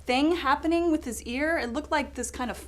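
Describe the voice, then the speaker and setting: A woman's voice: high-pitched, brisk, a bit bright. A woman playing a ditzy rambling lifestyle reporter. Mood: chatty. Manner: rambling, filler-heavy, ditzy storytelling. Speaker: lifestyle correspondent character. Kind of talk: improvised comedy sketch monologue.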